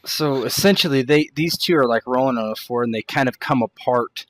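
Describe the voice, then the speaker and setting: A man's voice: mid-range voice, a little fast, fairly bright tone, dry recording. A man narrating as game master in a tabletop role-play, hedging his descriptions with fillers.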